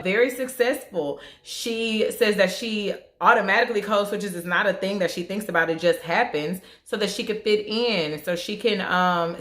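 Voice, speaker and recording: A woman's voice: a bit bright, reverberant. Young woman with a Southern twang. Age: young adult. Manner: candid, conversational, shifts into higher voice for quoted business tone. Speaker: vlogger. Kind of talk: casual get-ready-with-me talk.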